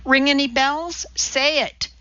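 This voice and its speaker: A woman's voice: high-pitched, takes it slowly, pushed and bright, no echo, highs cut off, voice pushed up, heavily acted. A woman voicing an irritable, harried middle-aged male TV producer with exasperated sarcasm, in an audiobook reading. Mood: sarcastic.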